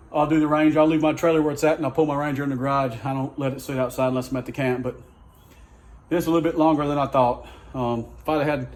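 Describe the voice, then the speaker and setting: A man with a Southern US accent talking casually and profanely as he vlogs a truck repair in his home garage, rambling and exasperated. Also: a little high. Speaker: DIY truck vlogger. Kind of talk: casual workshop vlog rant.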